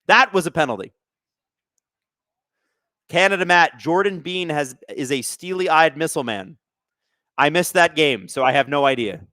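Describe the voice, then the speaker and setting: A man hosting a live hockey watch-along stream, commenting casually on the play and reading chat, excitable and sarcastic, swearing at the refs. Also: on the high side, moderate pace, long pauses, no room sound, clean studio sound.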